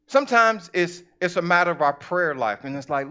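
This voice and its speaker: High-voiced preacher man, conversational sermon. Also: brisk, clear, resonant tone, highs cut off. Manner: animated, conversational preaching with acted asides. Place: church.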